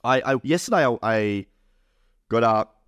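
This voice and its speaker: A man's voice: mid-range voice, lively intonation, measured pace, a bit bright, clean tone, no echo, clean studio sound. A young man co-hosting a podcast, chatting casually, swearing and laughing often. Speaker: podcast co-host.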